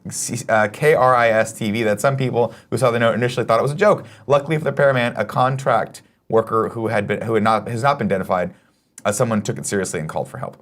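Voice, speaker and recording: A man's voice: on the low side, fast, a bit bright. A man co-hosting a comedy morning show, reading odd news stories aloud with crude jokes. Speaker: co-host. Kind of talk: casual comedic news chat.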